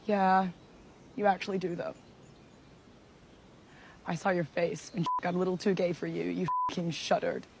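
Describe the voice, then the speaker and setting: A man's voice: high voice, level tone, moderate pace, gravelly, long pauses, noisy background. An actor playing a man who talks in a confrontational, accusing way in a drama scene. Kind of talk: scripted drama dialogue.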